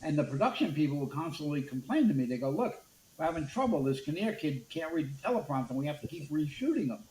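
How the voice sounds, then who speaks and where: A man's voice: a little high, fast. An older man, a media executive telling anecdotes in an interview and acting out the dialogue. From Brooklyn, USA. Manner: animated storyteller acting out dialogue. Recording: roomy echo with faint background noise.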